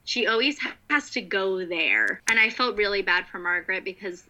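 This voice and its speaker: A woman's voice: medium pitch, animated, normal speed, sharp tone, dull audio, a little hiss or hum. A woman co-hosting a casual talk show, chatting loosely, swearing and saying like a lot. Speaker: podcast co-host. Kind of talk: casual chat.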